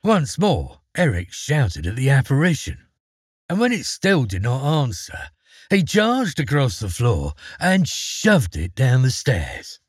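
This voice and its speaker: A husky-voiced man telling a fairy tale, his pitch rising and falling in lively, expressive storytelling. He reads at a measured pace, and the recording is close and dry with no room sound. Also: dry recording.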